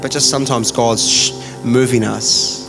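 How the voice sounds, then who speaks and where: A man delivers a sermon in a church. His voice sits at an ordinary middle pitch, and he tells his story conversationally, often circling back and restarting his phrases. Loud music plays behind him throughout. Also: steady tone, measured pace, gravelly. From New Zealand. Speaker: pastor.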